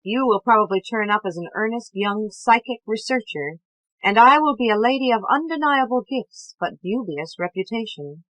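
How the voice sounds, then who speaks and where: A woman's voice: a little high, expressive, normal speed, fairly bright tone, no echo, voice pushed up, rough recording. A woman reading a witty young woman who speaks with polite, sly irony. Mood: wry.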